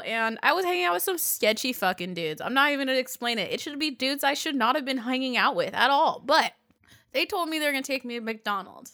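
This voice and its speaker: Young woman co-host with a bright, sharp voice; blunt, wry, profane storyteller. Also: high-pitched. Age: young adult. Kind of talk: casual storytelling chat.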